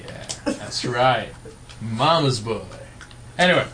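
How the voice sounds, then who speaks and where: A young man co-hosting a casual podcast, teasing his friends in quick bursts and reading news quotes aloud. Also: mid-range voice, animated, a bit bright, a little hiss or hum. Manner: playful, exasperated, quick bursts. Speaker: podcast co-host.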